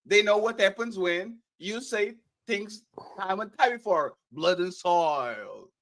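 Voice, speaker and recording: A man debating on a casual live panel, animated and argumentative, often stumbling and restarting mid-sentence. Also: high voice, a little slow.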